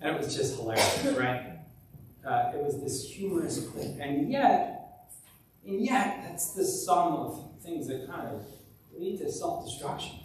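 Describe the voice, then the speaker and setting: A man's voice: a little high, sing-song, measured pace, recorded from a distance, slight background noise. A man preaching a conversational sermon as pastor, often restarting and repeating words. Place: church sanctuary. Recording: very echoey church live stream from afar.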